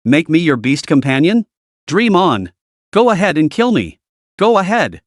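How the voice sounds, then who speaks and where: A man's voice: on the high side, big pitch swings, unhurried, no room sound, clean studio sound. A man voicing a proud two-headed python beast that is defiant yet aggrieved.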